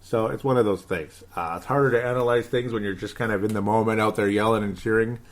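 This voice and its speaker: A man in his thirties hosting a casual sports podcast, excitable and rambling, reading out listener comments. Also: lowish voice, fast talker. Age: 30s. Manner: hyper, excitable, rambling with laughs. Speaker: podcast host.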